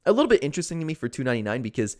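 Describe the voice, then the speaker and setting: A man's voice: mid-range voice, sing-song, racing. A young man giving casual, opinionated commentary on fight news, with lots of fillers like "like" and "man".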